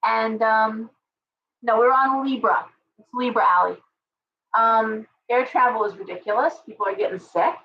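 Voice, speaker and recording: A middle-aged woman hosting a casual livestream tarot reading, chatty and ranting with animated asides. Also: a little high, moderate pace, far from the mic, highs cut off. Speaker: tarot reader and live stream host.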